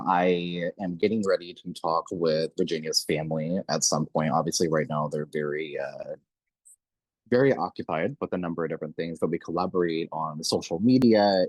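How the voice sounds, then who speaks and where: A man's voice: sits low, no echo, poor audio. A man hosting a podcast, speaking earnestly and with open emotion as he thanks his guests. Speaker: podcast host. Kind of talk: closing remarks of an interview.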